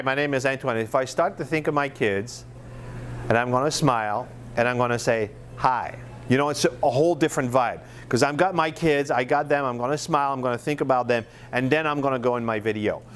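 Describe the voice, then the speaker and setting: A man's voice: medium pitch, a little hiss or hum. A middle-aged man from France with a French accent, teaching a marketing workshop in a casual, chatty way with lots of fillers and restarts.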